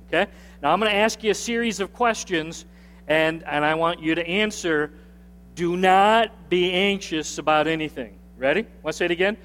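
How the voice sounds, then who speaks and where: A man's voice: high-pitched, fairly quick, a bit bright. A man preaching a sermon as pastor in a conversational way, repeating phrases and asking the congregation to answer back. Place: church sanctuary with a screen. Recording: long hall reverb from a sanctuary.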